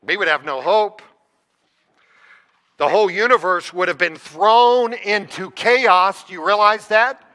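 High, bright-voiced preacher in a reverberant church. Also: male voice, a little slow. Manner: earnest, questioning the congregation directly. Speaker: pastor. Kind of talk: sermon. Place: church sanctuary.

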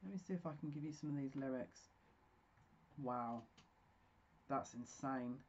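A woman's voice: rumbling low, unhurried, a little mellow, highs cut off, a little hiss or hum. A woman giving a pick-a-card tarot reading, effusive and emotional, talking in bursts with restarts.

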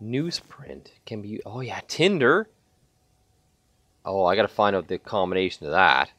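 A man giving let's-play commentary at an unhurried pace, his pitch swinging widely as he jumps from mumbling over menus to excited yelps. He swears freely and talks to himself as he plays. The sound is dry and close, with almost no room echo. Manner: chatty, swears a lot, bursts into excited yelps. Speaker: gaming channel host.

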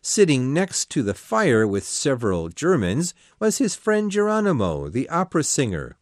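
A man's voice: mid-range voice, wildly swooping pitch, moderate pace, no echo, clean studio sound. A man reading a classic novel aloud as an audiobook narrator, telling the story expressively.

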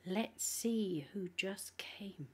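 A woman reading aloud and voicing a male exorcist priest who speaks softly and firmly. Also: medium pitch, very slow, husky. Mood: hushed firm.

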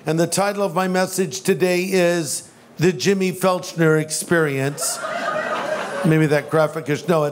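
A man preaching a sermon as pastor, conversational and joking, slipping into voices. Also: a little high. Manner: jokey, conversational, does voices.

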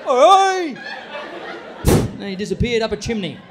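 High-voiced Australian stand-up comedian. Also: male voice, normal speed, a crowd in the background, noisy background. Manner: animated, shouting, laughing delivery.

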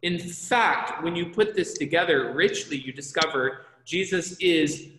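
A man's voice: on the high side, a little slow, bright, forceful tone. A man teaching a Bible college class in a conversational way, repeating key points for emphasis. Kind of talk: classroom lecture. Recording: echoey lecture hall reverb.

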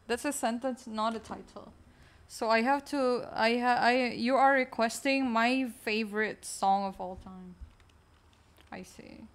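A woman's voice: on the high side, measured pace. A woman streamer chatting casually while gaming, answering chat in a chatty, distracted way.

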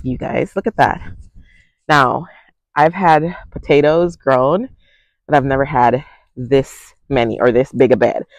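A talkative, excitable man gives a casual tour of his home garden. He speaks at a middling pitch on a handheld phone outdoors, and the sound is dry, with no room echo. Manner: chatty, excitable, often says "y'all". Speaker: garden vlogger. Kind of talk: casual walk-through vlog.

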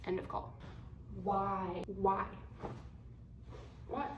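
A twenty-year-old woman vlogging, telling a story to camera in a blunt, slangy, animated way. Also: medium pitch, slow, long pauses. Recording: roomy echo, faint room hum.

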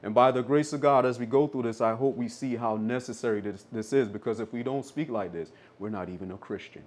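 Man preaching a sermon; firm, repetitive emphasis, middle pitch. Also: fairly quick, a little mellow, slight background noise. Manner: insistent, repeats lines for emphasis.

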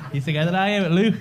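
A man doing crowd work as a stand-up comedian on a club stage, crude and teasing, laughing through his jokes. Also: fairly high pitch. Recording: live club recording with audience laughter and noise. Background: audience laughing.

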